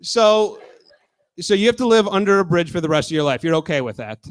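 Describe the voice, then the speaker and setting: A man. His voice sits high for a man, and his delivery is loose and crude. He keeps turning to the crowd to chat. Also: animated, brisk. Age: 20s. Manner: casual, crude, talks with the crowd. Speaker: stand-up comedian. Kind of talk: stand-up set.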